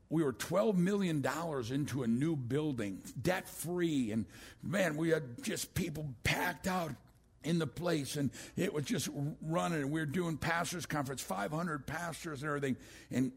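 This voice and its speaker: An older man preaching a sermon as a pastor, swinging from loud exclamations down to a hushed voice. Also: on the high side, gravelly, breathy edge. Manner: rising to loud exclamations, then dropping to a hush.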